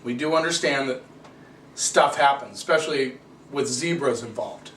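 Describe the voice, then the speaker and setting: A man's voice: mid-range voice, normal speed, fairly bright tone. Opinionated man reviewing wine, echoey room. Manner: opinionated, chatty, rants with rhetorical questions. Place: home room with cameraman. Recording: echoey room, distant camera mic, faint hiss.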